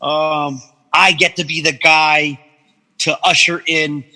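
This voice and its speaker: A man from Guam, a podcast guest, telling animated stories in casual chat, swearing freely and acting out the voices of people he quotes. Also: a little high, takes it slowly, in a large hall, poor audio.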